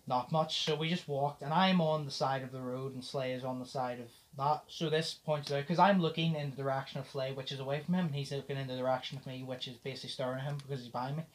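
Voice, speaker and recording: A young man hosts a podcast, speaking fast at a medium pitch with few pauses. He tells a story in casual chat, animatedly acting out the dialogue while swearing and laughing along the way.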